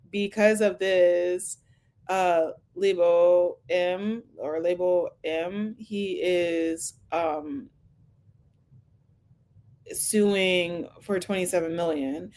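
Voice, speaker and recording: A woman hosting a reaction video and commenting on what she watches in a casual, opinionated way. She talks at an unhurried, drawn-out pace, and her pitch sits in the middle. She laughs easily between her points. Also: darkish tone.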